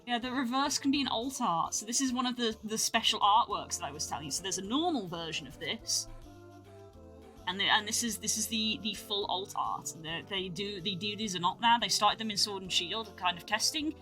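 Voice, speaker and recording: A woman chats her way through a live stream, her voice bright and her pitch swinging lively from word to word. She talks casually and excitably, and faint music plays behind her. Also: a little fast. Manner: chatty, excitable exclamations over cards. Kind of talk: casual live-stream card-opening commentary.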